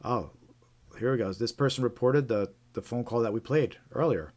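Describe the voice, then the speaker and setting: A man's voice: mid-range voice, moderate pace, darkish tone. A man hosting a live stream, casually reading out reports with frequent fillers and restarts. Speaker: host.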